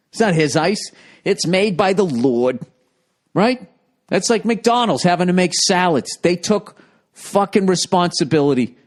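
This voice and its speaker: A man in his forties with a Boston accent, telling a rambling, profane, exasperated story. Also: a little high.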